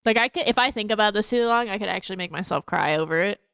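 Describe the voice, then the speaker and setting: A woman talks casually to her stream audience, rambling from one thought to the next and laughing at herself often. Her voice sits in a middle pitch range for a woman. The sound is dry and close, with no room echo. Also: fast talker, vocal fry, fairly bright tone, smooth. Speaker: livestreamer.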